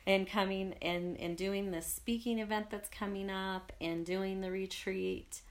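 A woman's voice: mid-range voice, steady tone, unhurried. A young woman co-hosting a podcast, talking earnestly and reflectively about personal fears in a casual chat. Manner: earnest, reflective, speaks of spirit and purpose. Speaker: podcast co-host.

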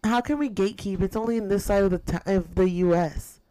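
Woman from New York, teasing podcast co-host, mid pitch, easygoing chat. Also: brisk, dark tone, no echo, low-quality recording. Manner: sassy, joking, teasing. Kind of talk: casual chat.

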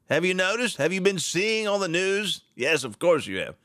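A man hosting a political talk show, talking in a sarcastic, animated and mocking way. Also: high voice, normal speed, no room sound, clean studio sound.

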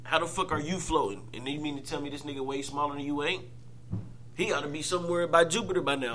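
A man co-hosting a podcast, talking in animated, profane, laughing banter. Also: on the high side, fast talker. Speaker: podcast co-host. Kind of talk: casual chat.

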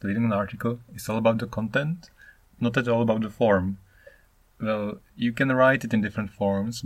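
Non-native man from Czechia, 30s, solo podcast host; lower voice, animated rambling monologue. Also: no room sound. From Czech Republic. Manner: rambling, animated, acts out intonations.

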